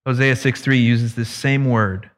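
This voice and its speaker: Slow-paced preacher with dramatic hushed drops. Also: male voice, steady tone. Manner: dramatic swings between loud emphasis and hushed low drops; casual asides mixed into teaching. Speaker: pastor. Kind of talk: expository sermon.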